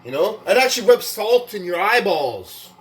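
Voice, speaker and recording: A man's voice: high-pitched, very animated, normal speed, roomy sound, a little hiss or hum. A man in a casual vlog rant, boastful and taunting, who keeps tagging his sentences with "right?" and "man". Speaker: weightlifting vlogger.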